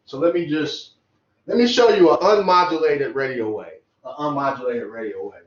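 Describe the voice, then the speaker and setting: A man's voice: on the high side, moderate pace. A man teaching an electronics class, explaining things loosely and conversationally while he draws. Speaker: electronics instructor. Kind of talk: casual classroom lecture. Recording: roomy, dull lo-fi classroom sound.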